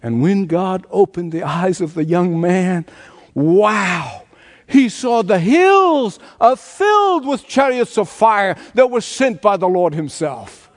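A middle-aged man preaching a sermon, telling the story with animated energy and chuckling as he goes. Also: sits high, takes it slowly. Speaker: pastor.

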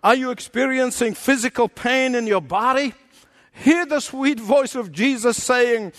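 A man's voice: extremely high pitch, a little slow, fairly bright tone, big-room sound. A man preaching a sermon as a pastor, with passionate delivery and frequent rhetorical questions to the congregation.

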